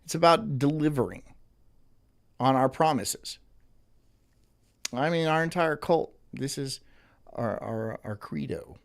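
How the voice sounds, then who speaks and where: A man's voice: mid-range voice, expressive, takes it slowly, long pauses. A man hosting a live stream, reading out viewer messages, stumbling, restarting and cursing in exasperated banter. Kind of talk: casual live-stream chat.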